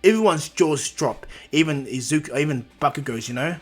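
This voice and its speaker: A man's voice: a little high, animated, brisk, slightly rough. A man casually narrating a fan story, rambling along with restarts and fillers.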